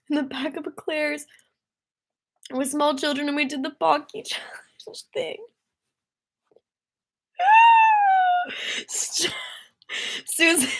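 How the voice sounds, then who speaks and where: Young woman, singer-songwriter, casual livestream chat, rambling, easily distracted, slow pace. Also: high-pitched, fairly bright tone.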